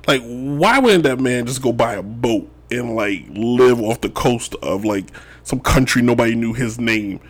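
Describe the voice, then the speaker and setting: A man's voice: mid-range voice, lively intonation, a little slow. Rambling, joking male sports talk host. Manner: rambling, joking, says "if you will" often. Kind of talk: casual sports commentary. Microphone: wearing Chicago sports gear.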